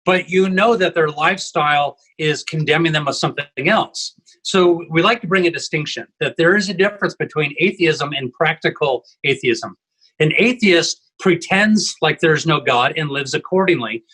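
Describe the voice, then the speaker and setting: A man's voice: on the high side, moderate pace, a bit bright, slightly rough, poor audio. A man co-hosting a casual discussion from home over a video call, telling stories and tagging his points with "right?". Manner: storytelling, tags lines with "right?". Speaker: co-host, evangelism trainer.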